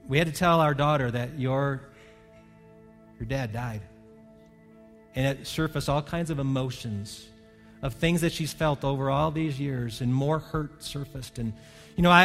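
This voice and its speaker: A man's voice: mid-range voice, measured pace, long pauses, fairly bright tone. A middle-aged man preaching a sermon as pastor, earnest and building to fervent emphasis. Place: church sanctuary. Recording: long church-hall reverb with faint music.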